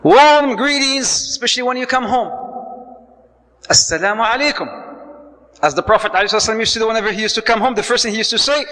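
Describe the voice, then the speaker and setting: Male islamic speaker, animated lecture, high bright voice, long hall reverb. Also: quick pace. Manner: animated, acts out dialogue, mixes Arabic phrases, joking. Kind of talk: lively marriage lecture to a live audience.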